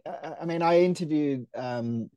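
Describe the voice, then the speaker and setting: A man asks a guest questions in a chatty, slightly stumbling way. His voice is mellow and dark, recorded dry and close with no room sound. He speaks at an average pitch for a man. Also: moderate pace, smooth, no echo. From Australia. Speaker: interviewer. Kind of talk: casual interview questions.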